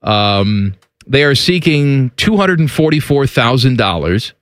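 A man co-hosting a casual talk show, animated, often laughing and exclaiming. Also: medium pitch, unhurried, smooth, dry recording, studio quality. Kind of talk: casual chat.

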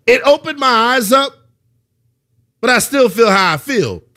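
A man hosting a sports talk radio show, arguing his takes with rhetorical questions and an animated delivery. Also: very high voice, measured pace.

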